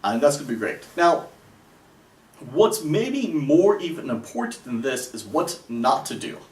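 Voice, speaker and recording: A man's voice: mid-range voice, sing-song, measured pace, darkish tone. A man giving casual dating advice in a sarcastic, rambling way, with many fillers. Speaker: dating coach. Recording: echoey room, voice a bit far from the mic.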